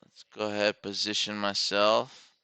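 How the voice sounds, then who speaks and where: A man's voice: fairly low pitch, completely flat delivery, measured pace, gravelly, sharp tone, clear, resonant tone, no room sound. A man giving live commentary on his stock trades, thinking aloud and correcting himself as he places orders. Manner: self-correcting, muttering to himself over trade entries.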